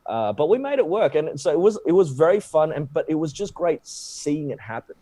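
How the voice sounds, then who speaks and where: A man with an Australian accent, a guest actor telling a story in casual chat, jumping into higher voices when he quotes people. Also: a little fast, no echo. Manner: animated, acts out quotes in a higher voice.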